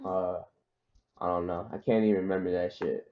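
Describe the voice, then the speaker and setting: A man's voice: low voice, steady tone, moderate pace, phone-quality sound, a little hiss or hum. A young man in casual voice chat, laid-back and slangy.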